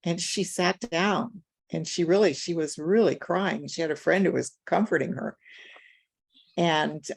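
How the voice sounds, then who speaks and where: A woman's voice: low-pitched, creaky, slightly rough. An older woman on a video call, telling a story in an easy conversational way, acting out the dialogue and chuckling as she goes. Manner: conversational, retells dialogue, chuckles while talking. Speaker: guest speaker. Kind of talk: storytelling anecdote.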